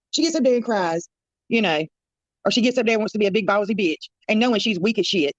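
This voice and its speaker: A woman's voice: mid-range voice, animated, quick pace, no room sound, muffled recording. A woman drama commentator delivering a blunt, profane, scornful rant on a live stream.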